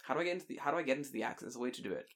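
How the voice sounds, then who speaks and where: A young British man in casual podcast chat, telling lively stories with frequent laughter and casual swearing. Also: mid-range voice, racing. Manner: animated storytelling, laughs often, swears casually.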